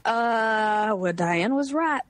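A woman's voice: fairly high pitch, lively intonation, slow. A woman co-hosting a podcast in casual chat, mostly brief reactions and playful teasing.

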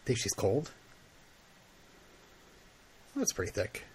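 A man's voice: takes it slowly, slight background noise. A man co-hosting a movie commentary podcast, chatting casually and laughing easily. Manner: laid-back, chuckling, animated pitch. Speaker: podcast co-host.

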